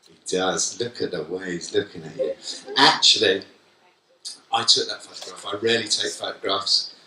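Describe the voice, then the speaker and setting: A man giving a conference keynote talk, lively and joking, quizzing the audience directly. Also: deep voice, moderate pace. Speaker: keynote speaker. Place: conference hall at a college. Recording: echoey hall from far off.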